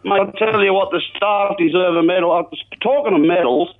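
A man's voice: high-pitched, a little fast, narrow, tinny audio. Chatty older Australian man calling radio. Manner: chatty, colourful, jumps between topics. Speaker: regular radio caller. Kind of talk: talkback radio call. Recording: radio call.

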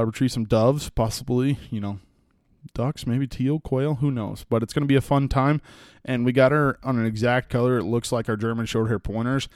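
A man's voice: medium pitch, darkish tone, no echo, studio quality. A young man with a Texan accent from West Texas, hosting a casual solo podcast, rambling through folksy stories with plenty of fillers. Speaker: podcast host and hunting guide.

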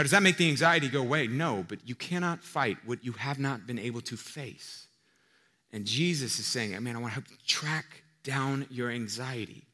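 A man preaching with a bright, forceful tone, and his voice rings out with long reverb through a large hall. He talks casually and asks rhetorical questions, jumping from loud emphasis to quiet asides. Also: mid-range voice. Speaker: pastor. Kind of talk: sermon.

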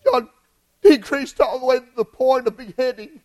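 Impassioned high-voiced male preacher. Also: normal speed, rough recording. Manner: impassioned, swings from hushed to shouting. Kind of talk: sermon.

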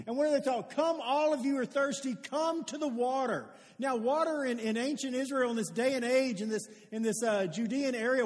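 A man preaching a sermon as a pastor, conversational and rising to loud emphatic calls. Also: very high-pitched. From Louisville, Kentucky. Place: church sanctuary. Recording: long hall reverb.

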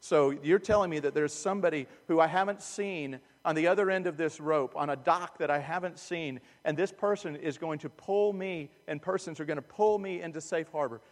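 Pastor preaching in a reverberant hall. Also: male voice, fairly high pitch, a little fast, few pauses. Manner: earnest preaching that swings from loud emphasis to hushed asides. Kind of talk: sermon. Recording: long reverb of a large hall.

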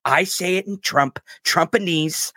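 A man's voice: high voice, unhurried, sharp tone, no echo, heavily acted. A man mocking a boastful old politician. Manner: mocking impression, self-satisfied bragging. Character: boastful pompous older male politician.

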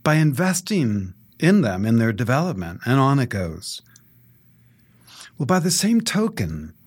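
A middle-aged male priest reading scripture and preaching in a conversational storytelling way, chuckling often. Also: medium pitch.

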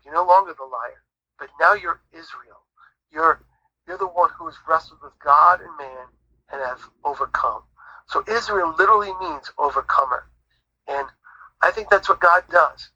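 Man, guest giving testimony, earnest preacher-like delivery, very bright voice, husky, muffled dry sound. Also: fairly high pitch. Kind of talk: conversational Christian testimony.

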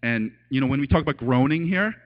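A man preaching a casual, animated sermon as a pastor, telling stories and acting out voices with laughs. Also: medium pitch, fast. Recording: dull lo-fi sound.

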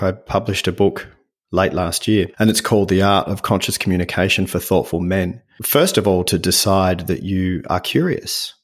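A middle-aged man with a somewhat low voice speaks as a guest author in an interview. He talks in an earnest, gentle, reflective way. His stories come with lively energy.

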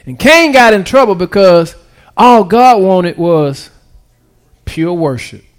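A man with a high voice preaching a sermon. He keeps checking in with the congregation and swings from near-whispered asides up to loud, excited peaks. His grammar is loose and conversational. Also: slow. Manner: preaching with call-and-response, swinging from hushed to shouted; casual vernacular grammar. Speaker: pastor.

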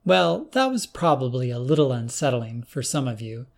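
A man's voice: mid-range voice, big pitch swings, normal speed, creaky. A man reading an audiobook, voicing a friendly, balding older male professor with a genial manner. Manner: genial, hosting.

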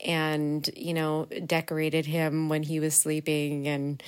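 A woman's voice: deep voice, completely flat delivery, takes it slowly, smooth. A woman hosting her own podcast, talking casually and earnestly with many fillers and small laughs. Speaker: podcast host. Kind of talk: casual solo podcast talk.

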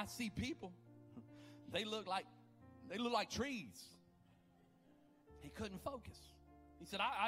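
A man preaching a sermon, building to loud impassioned peaks and dropping to low, quiet questions. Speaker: pastor.

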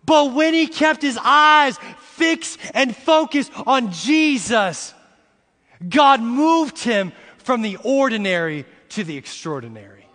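A middle-aged man preaches in a high, bright voice, drawn out and deliberate, swelling into shouted lines. His words ring with the long reverb of a large hall. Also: lively intonation. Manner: preaching with rising shouts and slow emphatic repetitions; uses "y'all" and "see" to address the congregation. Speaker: pastor. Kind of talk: sermon.

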